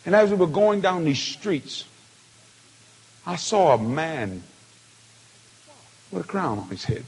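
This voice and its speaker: A man preaching a testimony sermon, telling it with feeling and swinging from hushed tones to shouts. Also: a little high, sing-song, takes it slowly, breathy edge. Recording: long hall reverb.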